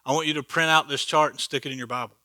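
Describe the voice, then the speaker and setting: A man teaching an informal Bible study, animated and chatty, acting out quoted speech with humor and often checking in with his listeners. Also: a little high, racing, no room sound. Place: church meeting room.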